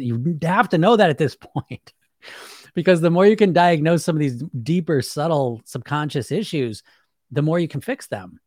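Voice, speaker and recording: A man in the middle pitch range, talking as a weight loss coach on a live stream. His delivery is loose and conversational, full of check-ins and repeated words as he hunts for phrasing. The voice sounds dry and close, with little room around it. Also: no echo. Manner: conversational, keeps checking in with "right?" and "you know?"; repeats words and restarts while searching for phrasing.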